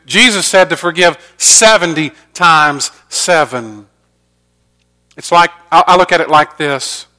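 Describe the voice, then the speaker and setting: A middle-aged pastor preaching a sermon earnestly, moving between loud emphasis and soft, quiet lines. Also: male voice, on the high side.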